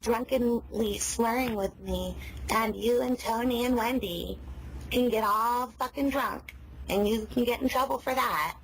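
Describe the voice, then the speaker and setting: A woman's voice: a little high, a little slow, a little hiss or hum. A woman making a prank phone call, speaking in a falsely patient, sarcastic way. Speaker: prank caller.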